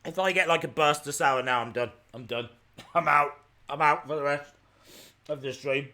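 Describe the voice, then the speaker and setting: A man's voice: on the high side, moderate pace, pushed and bright. A man hosting a live reaction stream, teary with a runny nose, talking in dramatic, exasperated outbursts.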